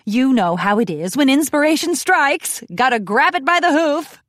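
A woman's voice: high voice, animated, normal speed, fairly bright tone, no echo, studio quality, voice pushed up. A woman voicing a boastful unicorn mare magician who talks in a grand, theatrical, slightly huffy way. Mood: nervous.

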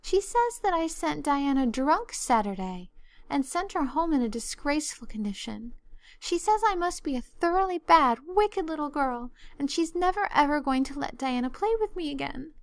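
Woman doing a tearful, dramatic girl, high and breathless, storybook reading. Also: big pitch swings, moderate pace, no room sound. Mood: wailing. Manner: breathless, tearful, melodramatic pleading. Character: excitable, dramatic young orphan girl.

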